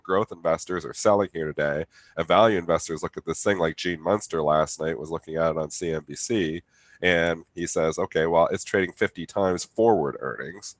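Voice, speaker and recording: A man's voice: low-pitched, dry recording. A man with a nasal, stuffed-up voice from the flu, giving blunt, casual market commentary as co-host. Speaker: co-host trader.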